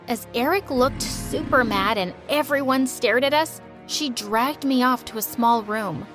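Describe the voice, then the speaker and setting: A young woman with a high voice tells a dramatic first-person story, leaning emotionally into each turn of events. Light music runs quietly behind her. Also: unhurried, hardly any pauses. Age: young adult. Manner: expressive, emotional delivery.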